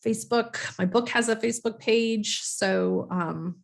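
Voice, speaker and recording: A woman's voice: on the high side, a little slow, vocal fry. A middle-aged woman professor talking candidly as an interview guest, swearing freely and peppering her speech with "like". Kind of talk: casual interview talk.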